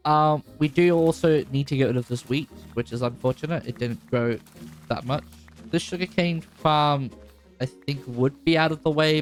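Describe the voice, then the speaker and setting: A young man giving casual, chatty commentary over his gameplay, his voice jumping high when excited. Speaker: gaming YouTuber. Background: faint background music.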